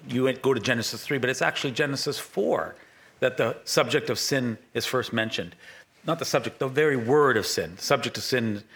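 A middle-aged male pastor delivering a sermon with a bright, forceful tone. He rambles and corrects himself mid-sentence, chatting with the congregation as he goes. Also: mid-range voice. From Canada. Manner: rambling, self-correcting, conversational.

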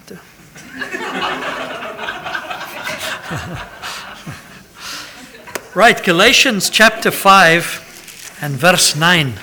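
A man's voice: fairly high pitch, sharp tone, a little hiss or hum. A man preaching a sermon, chatty and pastoral, with self-deprecating asides and a habit of tagging 'right?'. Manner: pastoral, announcement-style.

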